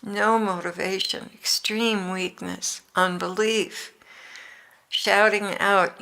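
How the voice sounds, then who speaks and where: Slow gravelly older woman. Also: medium pitch, steady tone, sharp tone. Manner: earnest, heartfelt. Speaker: narrator. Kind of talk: devotional reading.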